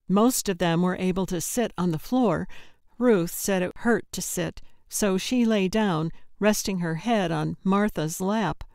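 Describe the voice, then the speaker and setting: A woman narrating a cozy mystery audiobook in a calm, measured way. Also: mid-range voice, smooth, no room sound, clean studio sound. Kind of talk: scripted narration.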